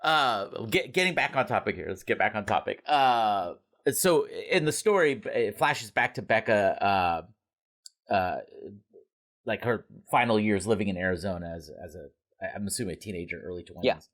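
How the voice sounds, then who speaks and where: A man's voice: lowish voice, expressive, moderate pace, fairly bright tone. A man hosting a comics podcast, asking questions casually and joking along with his guests. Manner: laughs easily, joking. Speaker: podcast host. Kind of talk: casual interview chat.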